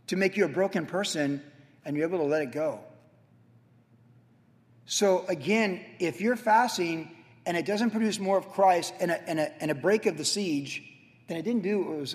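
A man preaching a sermon as pastor, telling stories with animated, acted-out moments. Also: high voice. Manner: animated storytelling, acts out his own past self. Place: church sanctuary. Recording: church hall with long reverb.

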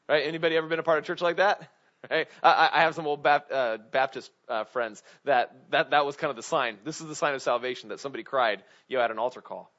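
A man's voice: mid-range voice, quick pace, a bit bright. A man preaching a casual sermon, asking his congregation questions and leaning on filler words. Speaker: pastor. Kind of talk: conversational sermon. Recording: dull lo-fi recording.

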